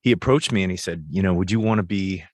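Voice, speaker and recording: A man's voice: deep voice, quick pace, no echo. An American man, a musician and voice-over actor, chatting as an interview guest and telling rambling, jokey stories. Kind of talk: casual interview chat.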